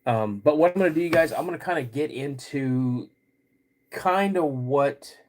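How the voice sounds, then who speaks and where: A middle-aged man hosting a casual livestream, laid-back and rambling, clearing his throat often as he gets over a cold. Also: a little high, moderate pace, a little mellow. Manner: laid-back and rambling, greets chat viewers between stories. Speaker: podcast host.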